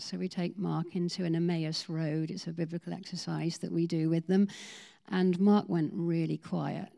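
A woman leads a sermon from the front of a church, telling stories of the people she met and playing out their words. Her voice sits low and carries a gravelly edge. The tone is mellow and warm rather than bright. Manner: animated storytelling, acting out quoted voices. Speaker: ministry team leader. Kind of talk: sermon testimony.

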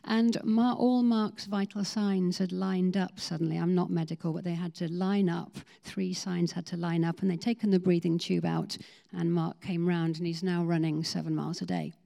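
A woman leads a sermon from the front of a church, telling stories of the people she met and playing out their words. Her voice sits low and carries a gravelly edge. The tone is mellow and warm rather than bright. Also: normal speed. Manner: animated storytelling, acting out quoted voices. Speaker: ministry team leader. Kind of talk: sermon testimony.

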